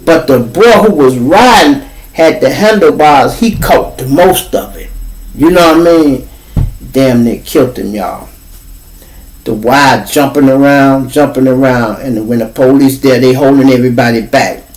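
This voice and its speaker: A podcast host with a Chicago accent tells a story in a loose, profane, animated monologue, acting out the people he quotes. His mid-range voice moves at a measured pace, recorded far from the mic on a rough recording.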